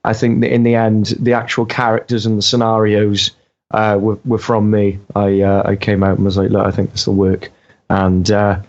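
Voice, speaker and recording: A man's voice: on the low side, level tone, normal speed, a little mellow. A young Welshman with a Welsh accent, chatting as a guest, hesitant and full of ums. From Wales. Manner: hesitant, many ums and uhs. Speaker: guest voice actor. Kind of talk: casual interview chat. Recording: dull lo-fi audio.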